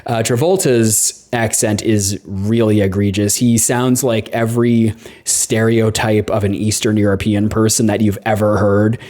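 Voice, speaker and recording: A man's voice: fairly low pitch, steady tone, a little slow, dark tone. A man co-hosting a podcast, recapping a movie's plot in casual chat with wry asides. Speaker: podcast co-host.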